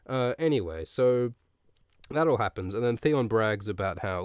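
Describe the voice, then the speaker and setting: Low-voiced man rambling through a profane recap. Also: expressive, moderate pace, clear, resonant tone, dry recording, clean studio sound. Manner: rambling, profane, jokey asides; laughs often mid-sentence. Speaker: podcast host. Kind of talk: casual comedic book recap.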